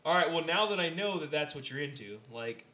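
A man's voice: fairly high pitch, brisk. A young man telling a rambling story in casual chat and acting out what people said. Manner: rambling, animated, acts out quotes. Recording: echoey room.

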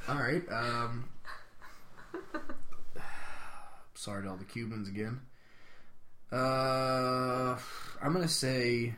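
Lively teasing man, podcast co-host, echoey room. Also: medium pitch, extremely slow, pauses often, very noisy. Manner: joking, teasing, animated. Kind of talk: casual banter.

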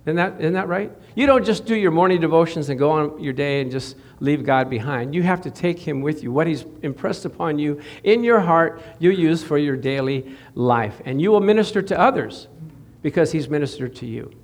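A man preaching a casual, lively sermon in a high voice, tossing questions to the people in front of him and chuckling as he drives each point home. He speaks in an easy, conversational way rather than a formal pulpit tone. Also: normal speed. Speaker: pastor. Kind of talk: sermon to a small congregation.

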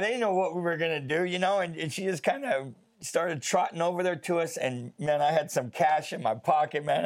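A man telling a personal story in a casual faith discussion, chatty and animated, with many fillers. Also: fairly high pitch.

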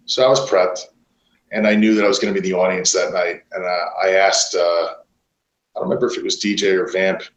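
A man, a pro wrestler guest, telling stories casually, swearing a lot and filling pauses with "uh". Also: low-pitched, flat delivery, muffled recording. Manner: profane, rambling with many fillers. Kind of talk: casual interview storytelling. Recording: roomy echo.

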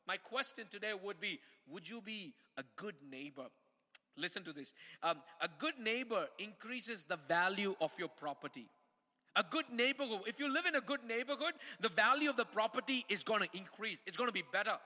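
Bright, high-voiced man preaching in a hall. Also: brisk. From India. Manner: repeats words and restarts while preaching, rising to emphatic calls. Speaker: pastor. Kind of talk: sermon. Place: church hall. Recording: hall reverb.

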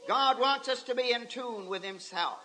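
A man's voice: very high-pitched, moderate pace, pushed and bright, rough recording. A man preaching a fervent sermon at a camp meeting, crying out praises as he goes. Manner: fervent, exclaiming.

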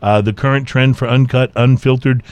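A man co-hosting a casual chat, reading out points in a relaxed way with frequent hesitations. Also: medium pitch, fairly quick, clear, resonant tone, dry recording. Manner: relaxed, hesitant with many fillers. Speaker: co-host.

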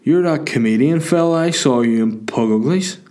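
A man's voice: medium pitch, normal speed, darkish tone, pitched above the performer's own voice, close to an everyday voice. A man voicing a drunk, eager young man who blurts out clumsy compliments.

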